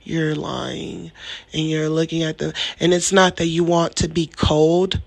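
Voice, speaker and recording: A man with a high, light voice talks casually to his viewers. He rambles, circles back and restarts phrases as he goes, and the sound is dry with no room echo. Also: steady tone, unhurried, gravelly. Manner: rambling, with frequent restarts and acted-out quotes. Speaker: vlogger. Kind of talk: casual monologue.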